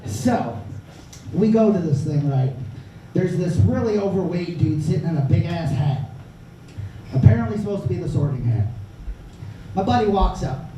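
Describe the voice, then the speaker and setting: A brash, foul-mouthed man tells stand-up stories in a high voice. He sounds far from the mic in a very echoey small club. Room noise and crowd laughter hang around him. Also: lively intonation, normal speed, pauses often, warm tone. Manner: crude, brash, profane storytelling. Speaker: stand-up comedian. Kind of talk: stand-up comedy set. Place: small comedy club stage. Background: audience laughter.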